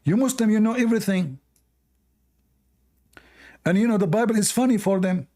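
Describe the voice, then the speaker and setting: A man's voice: high voice, moderate pace, dark tone. A man hosting a live call-in debate, mocking and scornful toward the caller. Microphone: online call.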